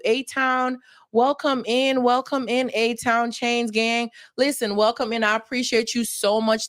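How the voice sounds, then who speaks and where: Talking straight to her viewers on a live stream, a Jamaican woman who is a mother gets heartfelt, earnest and emotional, often saying things more than once. Her voice sits at medium pitch, and the audio is dry and studio quality.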